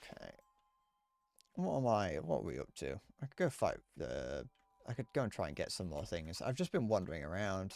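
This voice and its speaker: A man's voice: sits low, sing-song, moderate pace, creaky, darkish tone. A man chatting casually while streaming a game, rambling, swearing, and stammering through restarts. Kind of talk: casual live-stream chat while gaming.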